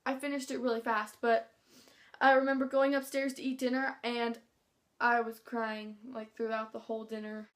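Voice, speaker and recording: A woman's voice: a little high, level tone, normal speed. A teenage girl talking casually about books as a vlogger, gushing and chatty with lots of filler words. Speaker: book vlogger. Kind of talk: casual chat.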